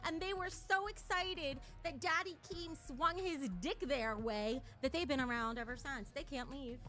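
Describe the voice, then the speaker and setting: Woman, streamer, high voice, bright sharp tone, profane mocking rant, casual. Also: normal speed, soft background music. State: out of breath.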